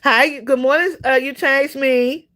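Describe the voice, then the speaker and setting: A woman's voice: high voice, fairly even intonation, a little slow, a bit bright. Rambling woman livestreamer. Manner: rambling, repetitive storytelling with many fillers; greets viewers by name mid-story. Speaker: livestream host. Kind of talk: casual livestream chat.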